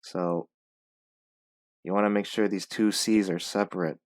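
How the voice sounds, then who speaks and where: A low-voiced man reads a text aloud in a pronunciation lesson, pausing often to repeat single words slowly and explain their sounds. The sound is close and dry, with no room around it. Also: steady tone, dry recording. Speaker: English pronunciation teacher.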